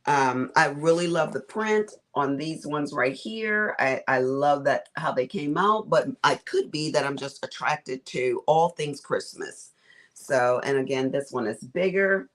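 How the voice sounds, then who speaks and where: A woman's voice: sits low, lively intonation, a little slow. Chatty, folksy middle-aged woman. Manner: chatty and folksy, calls viewers y'all and honey. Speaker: craft livestream host. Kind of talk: casual livestream chat.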